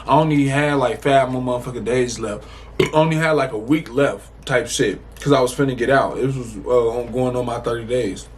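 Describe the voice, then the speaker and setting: Young man, casual storytime vlog, profane and rambling, animated delivery, mid-pitched voice, faint room noise behind. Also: moderate pace. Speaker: storytime vlogger.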